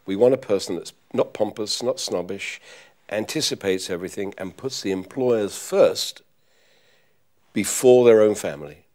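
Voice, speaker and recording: An older man with a softened London accent, his deep voice polite and formal. He answers interview questions in a measured way, like a seasoned professional toastmaster. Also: lively intonation. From East End of London. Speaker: professional toastmaster and butler school head.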